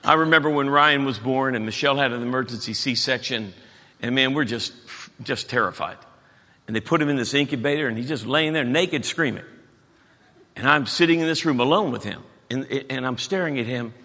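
A folksy pastor in his fifties with a lilt, telling stories and jokes from the pulpit. His voice is bright and forward, and a long church-hall reverb trails after it. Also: mid-range voice, fairly quick. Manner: folksy, joking, animated storytelling. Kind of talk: sermon. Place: church auditorium.

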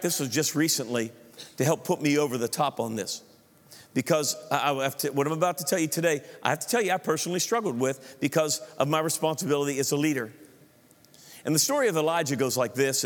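A middle-aged man preaching a sermon as the pastor, lively, acting out his own inner voice and asking the congregation questions. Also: fairly high pitch. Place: large church auditorium. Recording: long reverb of a large church hall.

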